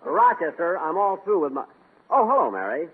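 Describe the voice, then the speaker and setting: An indignant, exasperated comedy host whose voice leaps up and plunges down as he reacts. He sits slightly high for a man and comes through a tinny, faintly hissing 1940s radio broadcast. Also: big pitch swings, a little fast. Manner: exasperated, indignant comic timing.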